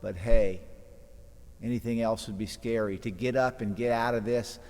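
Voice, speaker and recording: A man's voice: on the low side, fairly even intonation, normal speed, darkish tone. A man preaching a homily as a priest, retelling the gospel story dramatically and acting out the voices in it. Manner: dramatic retelling, voicing scripture quotes. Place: church. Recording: long church reverb.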